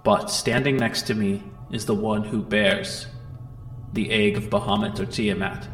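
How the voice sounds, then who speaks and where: A man voicing a solemn knight in armor who speaks gravely and formally, with a slow, low delivery. Soft music plays underneath. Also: big pitch swings, reverberant, full character voice. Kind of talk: tabletop role-play voicing.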